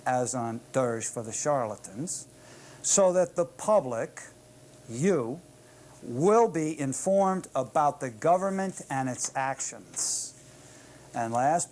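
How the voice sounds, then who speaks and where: A man's voice: a little high, a little mellow. An older man hosting a public access show, delivering a combative, sarcastic monologue full of rhetorical asides. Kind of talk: ranting monologue. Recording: old public access tape.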